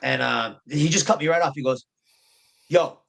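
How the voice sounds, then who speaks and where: A man's voice: mid-range voice, brisk, gravelly, fairly bright tone. A man, a professional fighter and podcast guest, telling a story in a rambling, profane, repetitive way. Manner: rambling, profane, repeats himself. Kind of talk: casual storytelling chat.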